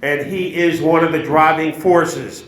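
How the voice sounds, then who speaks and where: A man's voice: a little high, steady tone, a little slow, a bit bright. A man hosting an awards ceremony, joking as he introduces the next speaker. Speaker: master of ceremonies. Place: banquet hall. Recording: echoey hall.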